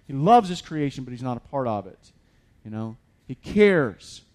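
A man's voice: mid-range voice, very animated, normal speed, a little mellow. A man preaching a sermon as a pastor, conversational with many fillers and restarts, building to emphatic peaks.

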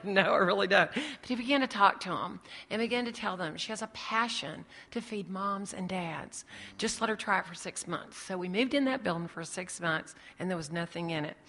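A woman's voice: mid-range voice, bright, forceful tone. A woman telling her ministry story to an audience, acting out the voices in her dialogue. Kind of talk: testimony talk to an audience. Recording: long hall reverb.

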